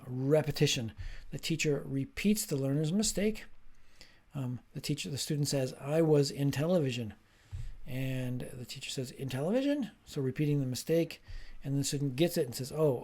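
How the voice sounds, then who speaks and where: A man with a slightly high voice lectures as a professor. He explains his points clearly and with emphasis, in the steady rhythm of a prepared teaching talk. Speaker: linguistics professor. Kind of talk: short lecture.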